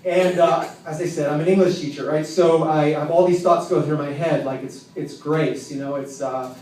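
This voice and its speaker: A man telling a personal story live at an open mic in a tavern, with a wry, self-mocking, halting delivery. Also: on the high side, steady tone, a little mellow. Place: tavern with an audience. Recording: roomy, distant, faint background noise.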